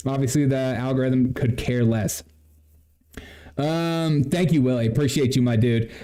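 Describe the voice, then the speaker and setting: Speaking unhurriedly in a warm, mid-range voice, a man hosts a comedy livestream. He addresses viewers with mocking, laughing, chatty sarcasm.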